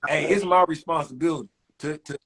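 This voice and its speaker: A man hosting a podcast, chatting casually and stacking quick repeated words as he builds to each point. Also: fairly high pitch, gravelly, slightly rough. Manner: animated, repeats words when starting a point. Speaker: podcast host and barber. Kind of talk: casual chat. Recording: phone-streamed live chat.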